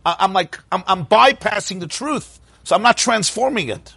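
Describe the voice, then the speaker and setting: A man giving a Torah class as a rabbi, lively and questioning, with mock-cheerful asides. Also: high voice, moderate pace, vocal fry, breathy edge, no room sound.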